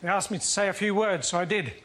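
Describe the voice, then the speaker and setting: A male comedian delivering deadpan stand-up one-liners, with punchlines after short pauses, on a TV panel show. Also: sits high. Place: TV studio with a live audience. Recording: noisy TV studio recording.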